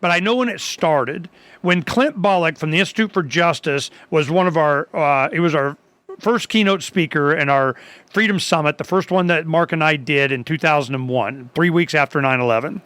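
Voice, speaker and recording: A man hosting a talk radio show, chatting casually in a rambling way with many restarts and lively acted-out quotes. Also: on the high side, normal speed, dry recording.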